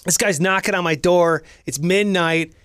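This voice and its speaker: A young American man telling a story in casual chat, acting out quoted shouts with a lot of energy. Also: high voice, moderate pace, clear, resonant tone, dry recording, studio quality. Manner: animated, shouts out quoted lines in a loud put-on voice.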